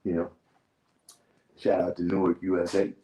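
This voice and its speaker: A man's voice: sits low, monotone, normal speed, mellow, rough recording. Laid-back man hosting a livestream. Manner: laid-back, laughs often, trails off into asides. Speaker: livestream host. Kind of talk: casual livestream chat.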